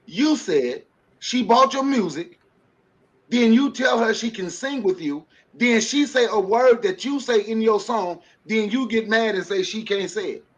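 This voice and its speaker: A man's voice: sits high, lively intonation, measured pace. A man on a podcast livestream giving impassioned commentary, preaching with rhetorical questions. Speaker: panelist. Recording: dull lo-fi stream audio.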